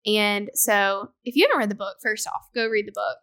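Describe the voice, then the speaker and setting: A young adult woman co-hosts a podcast, chatting casually and animatedly acting out quoted exchanges with her husband. She speaks in a mid-range voice at a moderate pace.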